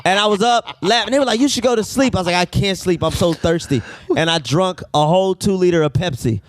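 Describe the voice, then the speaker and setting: A man co-hosting a podcast, telling a long story in a rambling, profane, animated way. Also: high-pitched, fast, crowd noise. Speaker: podcast co-host. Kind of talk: casual storytelling chat.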